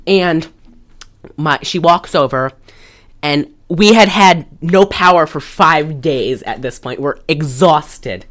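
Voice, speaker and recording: A woman's voice: sits low, lively intonation, unhurried. A woman co-hosting a casual podcast, telling a profane, rambling story. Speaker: podcast co-host. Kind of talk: casual chat.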